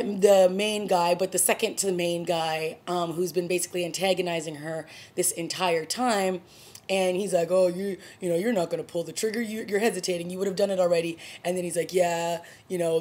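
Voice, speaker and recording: A woman casually recapping a TV episode, retelling scenes in a chatty, animated way and acting out the characters' lines. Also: on the low side. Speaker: TV reviewer.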